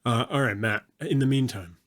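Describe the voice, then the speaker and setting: A man's voice: medium pitch, normal speed, a bit bright. A man co-hosting a casual podcast over a video call, with wry, teasing remarks and frequent laughs. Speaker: podcast co-host.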